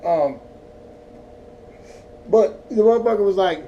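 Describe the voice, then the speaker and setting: This Central Valley, Northern California man is stoned and telling a meandering, profane story for his relaxed vlog. He sounds animated and a little fast, with a warm, higher-side voice, and the distant-mic recording has cut-off highs and faint background noise.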